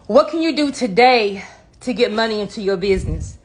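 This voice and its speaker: A woman's voice: mid-range voice, lively intonation, a little fast, a little mellow. A woman giving casual, emphatic business advice on a live stream while out of breath, calling listeners baby and honey. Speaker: business coach. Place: outdoors in a front yard.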